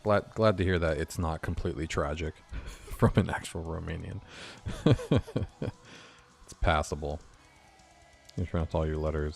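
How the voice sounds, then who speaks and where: A young man from California chatting casually with his viewers while he codes, quick to laugh. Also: very deep voice, vocal fry. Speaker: game developer streaming. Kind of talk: casual live-stream chat while coding.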